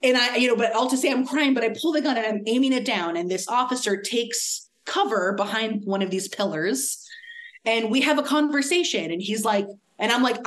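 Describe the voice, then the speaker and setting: Young adult woman, higher voice, animated casual storyteller who acts out quotes. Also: normal speed. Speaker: academic speaker.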